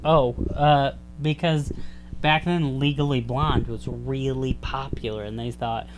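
Casual male co-host, mid-pitched, joking and rambling, faint hum behind. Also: steady tone, a little slow. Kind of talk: casual chat.

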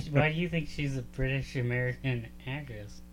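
A man's voice: mid-range voice, measured pace, a crowd in the background. A young adult man co-hosting a casual chat, joking and teasing and laughing often. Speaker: podcast co-host.

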